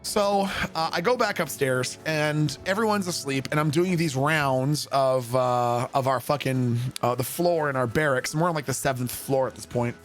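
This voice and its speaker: A man streaming a game, telling a long rambling story in a casual, profane, animated way. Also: mid-range voice, normal speed, few pauses, soft background music.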